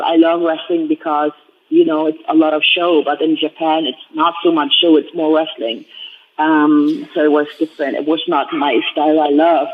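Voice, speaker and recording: A woman from Germany tells her story in a casual, chatty way, filling her sentences with "like" and "you know". Her voice comes over a thin, tinny phone line with a faint hiss behind it. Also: low-pitched. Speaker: guest.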